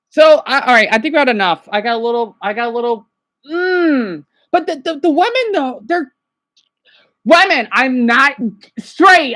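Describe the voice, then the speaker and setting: A woman ranting on a casual livestream. She is agitated, swinging between angry outbursts and hushed apologies. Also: high-pitched.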